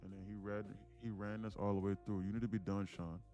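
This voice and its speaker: Blunt low-voiced man coaching traders. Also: level tone, fast, mellow, faint music behind. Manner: blunt, informal, coaching viewers directly. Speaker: day-trading livestream host. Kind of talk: live trading commentary and coaching.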